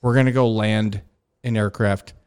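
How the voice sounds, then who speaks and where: A man's voice: lowish voice, steady tone, normal speed, a little mellow, clean tone. A man hosting a casual podcast chat, telling a story about learning to land on a carrier, acting out quoted dialogue and laughing often. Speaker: podcast host, former carrier pilot.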